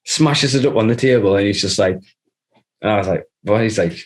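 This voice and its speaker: A podcast guest with a lowish voice talks a little fast, spinning a long, rambling story in casual chat. He swears constantly and laughs as he goes.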